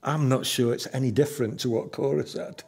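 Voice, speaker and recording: A man's voice: medium pitch, fairly even intonation, brisk, creaky, a little mellow, breathy edge. A man in his fifties preaching a sermon as pastor, emphatic and repeating key lines for weight.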